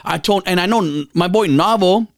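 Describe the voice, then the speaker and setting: High-voiced, stammering man telling stories. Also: a little fast, gravelly, dry recording, studio quality. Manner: rambling storyteller, stammers and repeats words, swears freely. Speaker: podcast host. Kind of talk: casual chat.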